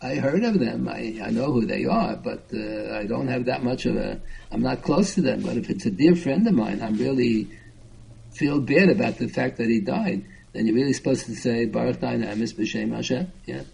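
A man's voice: mid-range voice, lively intonation, normal speed, creaky, mellow, husky, rough recording. A man teaching a Talmud class, explaining step by step and chanting the Hebrew and Aramaic quotes.

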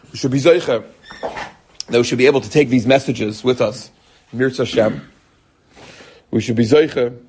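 A middle-aged man, a rabbi, giving an animated Torah lecture full of stories and bursts of emphasis. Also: medium pitch, a little hiss or hum. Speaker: rabbi teaching a Torah class.

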